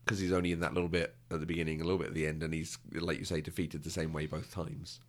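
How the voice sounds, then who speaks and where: A British man co-hosting a podcast chats casually in a bass voice, laughing often and acting out quotes. His tone stays level while he races along.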